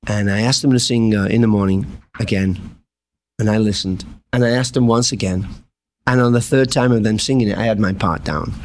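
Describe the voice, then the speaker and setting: A middle-aged man, a musician, reminiscing in a studio interview, speaking unhurriedly with many fillers. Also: fairly low pitch. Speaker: musician guest. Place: radio studio.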